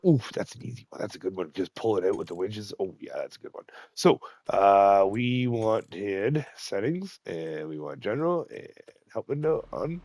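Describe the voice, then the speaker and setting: A man's voice: fairly low pitch, darkish tone, no room sound. A middle-aged man with a cold, his voice nasal and congested, chatting folksily through farming gameplay as a gaming channel host and chuckling often. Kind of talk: casual gameplay commentary.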